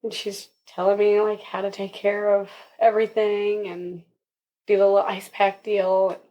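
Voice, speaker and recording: A woman's voice: mid-range voice, level tone, moderate pace, muffled recording. A young woman, a podcast guest, telling her birth story casually and with animation, laughing often and acting out what others said.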